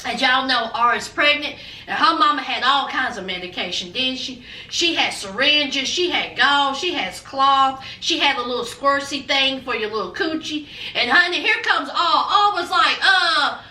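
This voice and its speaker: A woman's voice: high-pitched, normal speed, hardly any pauses, bright, forceful tone. A woman reviewing a reality show in casual, sassy, teasing gossip commentary. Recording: echoey room, distant from mic.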